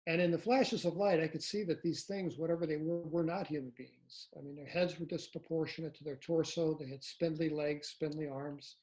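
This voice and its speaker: An older man, a podcast guest, recounting a personal experience in a measured, halting way with many uh and um fillers. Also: fairly high pitch, fairly even intonation, a little mellow, low-quality recording. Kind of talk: first-person storytelling in an interview.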